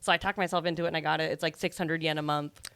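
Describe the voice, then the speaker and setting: Woman podcast cohost rambling about games, says like a lot, lowish voice, dry sound. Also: fairly even intonation, racing, vocal fry, fairly bright tone, clean tone, no echo. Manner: chatty, fills speech with "like". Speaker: podcast co-host. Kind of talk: casual chat about video games.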